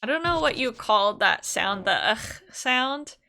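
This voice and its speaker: A woman's voice: on the high side, expressive, a little slow, vocal fry, sharp tone. A woman streamer chatting casually over gameplay, musing aloud in a rambling way, full of fillers and loose asides.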